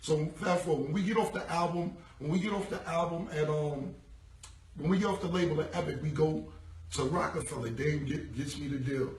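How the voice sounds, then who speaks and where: A gravelly-voiced man tells a casual, profane story in street slang, slipping into the voices of the people in it. His phone sits some way off in an echoey room, so the sound is distant and hollow. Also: a little high, brisk, a little mellow, slight background noise. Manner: loose, profane, street slang, acts out quoted dialogue. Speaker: rapper telling a story on a live stream.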